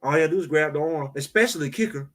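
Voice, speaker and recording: A man co-hosting a sports talk show in casual, emphatic chat, trash-talking and animated. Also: a little high, rapid-fire, soft background music.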